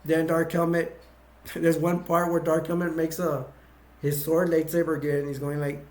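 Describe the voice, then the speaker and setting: A man's voice: fairly high pitch, flat delivery, moderate pace, a little mellow. A man casually retelling movie scenes scene by scene, rambling and restarting as he goes. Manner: rambling, full of fillers and restarts. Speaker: movie reviewer.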